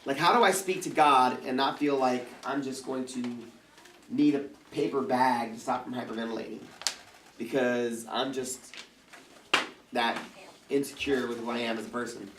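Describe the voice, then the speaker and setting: A youth pastor delivers a casual, joking sermon in a church youth service room, acting out prayers in funny voices. His mid-range voice has fairly even intonation and a moderate pace, picked up by a distant mic in an echoey hall with a noisy background.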